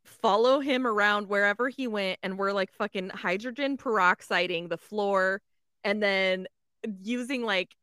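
Bright-voiced swearing woman telling a story. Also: mid-range voice, a little slow, smooth, dry recording, studio quality. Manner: swears a lot, fills with "like", acts out voices. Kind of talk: casual chat.

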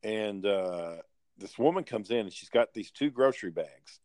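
A man's voice: lowish voice, expressive, moderate pace, darkish tone, no room sound. A man telling a blunt, profanity-laced story in casual chat.

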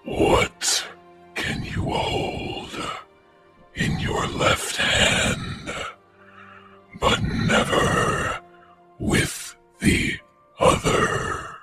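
Whispered role-play: a woman voicing a wounded gentle female beast, very slow, pained, soft music behind.

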